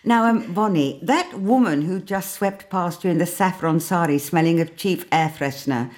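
A woman's voice: on the low side, normal speed, a little mellow, lightly acted. An actress playing an elderly woman who hosts a comic chat show, fawning and theatrical with her guests. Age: older. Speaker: talk show host. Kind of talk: comic sketch acting.

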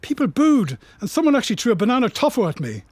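Sitcom bishop: Scottish, chuckling gossip, lively pitch, dry close sound. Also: male voice, quick pace, slightly rough, no echo, heavily acted. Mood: gossipy. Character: jolly gossiping male bishop, fond of a laugh.

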